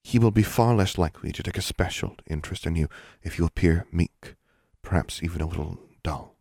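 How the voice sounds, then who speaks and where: Casting: a man voicing a stern, guarded woman dean, low and hushed, storybook reading. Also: brisk, vocal fry, no room sound, clean studio sound. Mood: earnest. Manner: quiet, earnest warnings.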